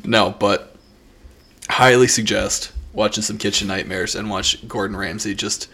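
A man's voice: lowish voice, steady tone, unhurried, sharp tone. A man co-hosting a podcast in casual chat, who laughs often and acts out other people's voices. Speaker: podcast co-host.

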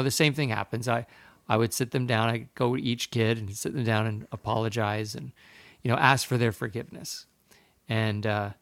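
A man in his thirties tells a long personal story in casual podcast talk. He rambles and pokes fun at himself, with lots of fillers and restarts. His voice sits at an ordinary middle pitch and is recorded close and dry. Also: no room sound. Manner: rambling, self-deprecating, many fillers and restarts. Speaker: podcast guest.

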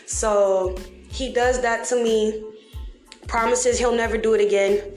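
A woman candidly telling her own story to the camera, blunt and heavily profane, with dark humor. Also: fairly high pitch, steady tone, measured pace. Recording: echoey room with faint music.

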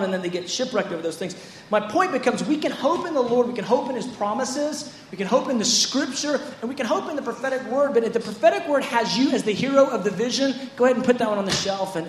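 A man's voice: high-pitched, reverberant, a little hiss or hum. A man preaching a sermon in a conversational way, often acting out quotes from scripture. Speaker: pastor.

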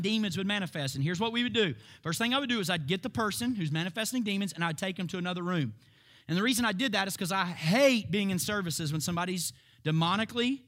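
A man delivers a sermon with a tense, forceful tone. His pitch sits a little high. He talks emphatically, asks rhetorical questions and climbs to shouted peaks. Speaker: preacher.

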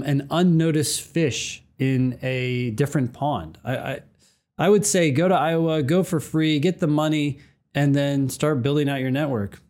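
A man co-hosting a podcast in a relaxed way, reading a listener's letter aloud and chiming in with short agreements. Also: a little high. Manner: laid-back, short agreeing replies. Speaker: podcast co-host.

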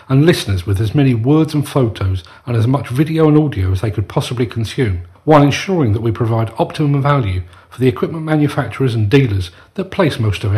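A middle-aged man hosts his own podcast and reads a prepared rant. He sounds furious and stresses his points hard. His voice sits at an ordinary middle pitch. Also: a little mellow. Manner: angry, emphatic ranting delivery. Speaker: podcast host. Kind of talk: scripted podcast monologue.

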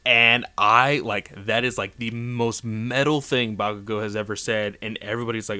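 A man talks through a comic chapter in a loose, rambling recap, stopping and restarting his sentences. His voice sits a little low but sounds bright and forceful. It comes across as smooth and clean. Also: steady tone, normal speed, hardly any pauses. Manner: rambling, many fillers and restarts. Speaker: manga chapter reviewer. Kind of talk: casual story recap.

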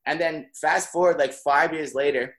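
A young man telling a story in casual chat, animated, swearing freely and laughing as he talks. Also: fairly high pitch, normal speed.

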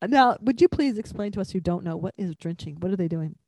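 A woman's voice: fairly low pitch, expressive, dark tone, no room sound. A woman co-hosting a podcast, chatting casually about an episode and asking her partner questions. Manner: chatty, prompting questions and quick agreement. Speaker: podcast co-host.

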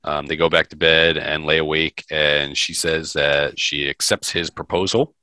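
A man with a very deep yet bright-toned voice walks through a film's plot in loose, offhand podcast chat. He drops ums and swears freely. The sound is dry and close. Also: little pitch movement, moderate pace, clear, resonant tone, no room sound, poor audio. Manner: loose and profane, sprinkled with ums. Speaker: podcast host. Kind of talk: casual plot recap.

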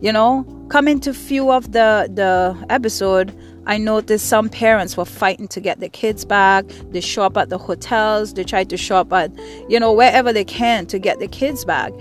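A middle-aged Caribbean woman hosts a podcast, her medium-pitched voice moving at a moderate pace over soft background music. She delivers an angry, impassioned monologue full of profanity, hammering her points home through repetition.

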